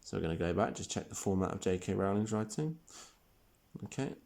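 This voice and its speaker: A man teaching a primary school writing lesson, explaining each step clearly while he types. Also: low-pitched, expressive, a little fast, warm tone. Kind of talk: recorded online lesson.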